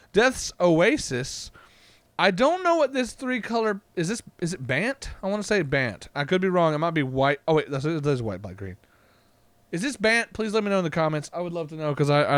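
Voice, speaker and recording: Excitable man with a bouncy voice. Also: fairly high pitch, clean tone, no room sound. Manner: excitable, reads card text aloud, frequent "uh", laughs often. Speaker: card-opening channel host. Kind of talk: casual card-opening vlog.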